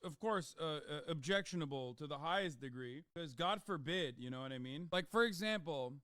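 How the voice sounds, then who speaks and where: High, clear-voiced man ranting on stream. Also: lively intonation, a little fast, bright, forceful tone, dry recording, studio quality. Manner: profane, sarcastic ranting. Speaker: livestreamer. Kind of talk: livestream commentary.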